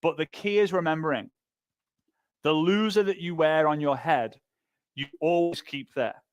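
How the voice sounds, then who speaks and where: A man teaching a motivational marketing lesson on a livestream, energetic and punchy, repeating phrases for emphasis. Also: on the high side, moderate pace, dry recording. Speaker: sales trainer. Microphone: livestream microphone.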